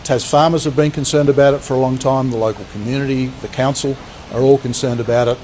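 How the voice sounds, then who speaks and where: A man's voice: medium pitch, fairly even intonation, quick pace, a little mellow, rough recording. Man, senator, firm, stumbling now and then, faint background hum. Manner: firm, stumbling over words. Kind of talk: political interview clip.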